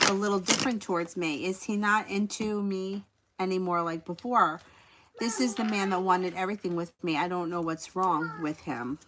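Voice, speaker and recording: A woman's voice: medium pitch, noisy background. Chatty woman giving a tarot reading. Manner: rambling, tangent-prone, laughs often. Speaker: tarot reader hosting a livestream. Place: home with a small child around.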